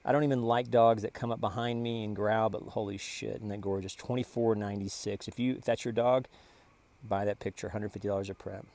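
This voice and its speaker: A man with a lowish voice talks through his photo prints in a loose, casual vlog. He rambles from picture to picture with big boasts and sudden exclamations, and he keeps praising his own work. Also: steady tone, brisk, darkish tone. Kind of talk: casual self-promoting vlog narration.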